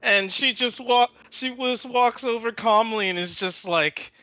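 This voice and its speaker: A man playing in a tabletop game, excitable and jokey, describing his character's moves. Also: extremely high pitch, unhurried, hardly any pauses, dull audio. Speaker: player. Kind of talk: casual tabletop play.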